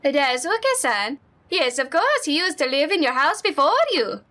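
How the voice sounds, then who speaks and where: Woman putting on a high, sweet older neighbor lady with a Minnesotan accent. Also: big pitch swings, normal speed, sharp tone, heavily acted. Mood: polite, kindly.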